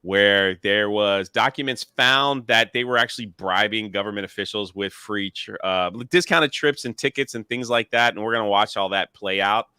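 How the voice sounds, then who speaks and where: A man's voice: lowish voice, normal speed, hardly any pauses, sharp tone, clear, resonant tone, no echo, studio quality. A man hosting a casual show, talking through entertainment news with sarcasm and frequent fillers. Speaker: show host.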